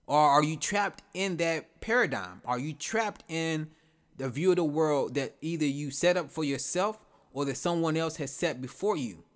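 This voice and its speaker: A man's voice: a little high, lively intonation, moderate pace, fairly bright tone. Rambling man musing on life. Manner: rambling, repeats and restarts phrases, asks rhetorical questions. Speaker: podcast host. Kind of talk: casual reflective monologue.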